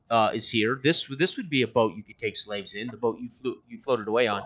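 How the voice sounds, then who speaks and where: A man running a tabletop role-playing game as game master, narrating and checking rules with many pauses and fillers. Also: medium pitch, a bit bright. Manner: halting, thinks aloud with many fillers. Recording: dull lo-fi sound.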